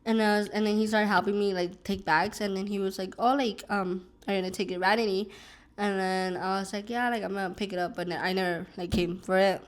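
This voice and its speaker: A woman's voice: mid-range voice, steady tone, a little fast. A young woman vlogger at home, casually telling a long personal story while eating, rambling with many fillers and restarts.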